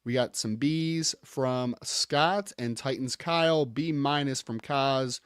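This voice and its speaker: A man's voice: mid-range voice, slow pace, clean tone, no room sound, studio quality. A man co-hosting a sports podcast, speaking casually and reading viewer comments off a list.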